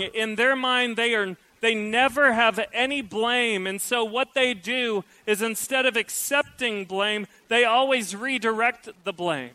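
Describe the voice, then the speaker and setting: Man, preaching a sermon, bright forceful tone, acts out quoted lines. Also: very high voice, poor audio. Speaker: pastor.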